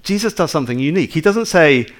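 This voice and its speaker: A man's voice: fairly high pitch, lively intonation, fast. A man preaching a sermon in a conversational way, full of rhetorical questions to his listeners.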